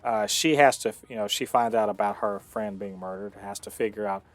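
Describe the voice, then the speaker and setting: A man hosting a casual TV review, talking with many fillers and restarts but clear enthusiasm. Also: on the low side, steady tone, a little fast, no room sound, faint music behind. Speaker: show host reviewing a TV episode.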